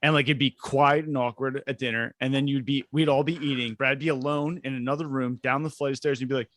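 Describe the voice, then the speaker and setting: A man's voice: medium pitch, steady tone, fast, fairly bright tone. A man co-hosting a podcast in casual chat, chiming in with short remarks. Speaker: podcast co-host.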